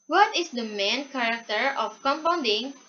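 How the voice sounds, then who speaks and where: A young woman student reading a class presentation aloud from a prepared script, haltingly and with restarts, on a dull lo-fi recording. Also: fairly high pitch, animated, bright, forceful tone, a little hiss or hum.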